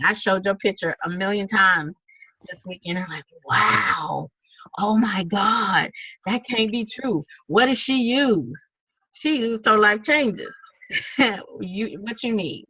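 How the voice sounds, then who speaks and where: Brief: Southern woman, bright forceful voice, chatty group-call storyteller, dull dry lo-fi audio. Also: lowish voice, no echo. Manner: animated storyteller, laughs often, acts out quotes. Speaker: network marketing speaker. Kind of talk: casual talk to a group on a video call. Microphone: video call.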